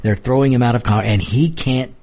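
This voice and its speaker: A man hosting a political talk show, delivering heated, emphatic commentary and repeating his points, hoarse and losing his voice. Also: medium pitch, brisk, darkish tone.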